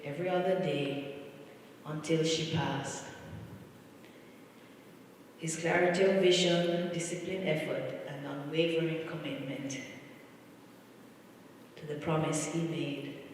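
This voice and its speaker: Eulogy reader: man, slow and solemn, higher voice, far from the mic in a big echoing church. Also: a little hiss or hum. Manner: measured, solemn delivery with repeated phrases. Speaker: family member giving a eulogy. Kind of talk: funeral eulogy. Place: large church.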